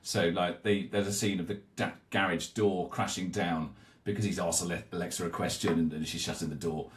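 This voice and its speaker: British man, podcast co-host, low voice, loose rambling talk about ads. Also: fairly quick. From Britain. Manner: relaxed, rambling retelling with fillers and restarts. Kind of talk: casual marketing discussion.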